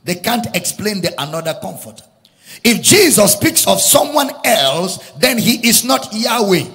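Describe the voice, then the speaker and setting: Male preacher, high and animated, sing-song emphatic sermon in an echoing hall. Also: unhurried. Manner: emphatic, repeats lines, rises into sung preaching cadence.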